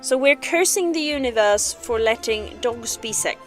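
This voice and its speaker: A woman's voice: on the high side, animated, moderate pace, faint music behind. Giggly woman streaming a game. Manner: giggly, chatty and playful. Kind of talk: casual gaming stream chat.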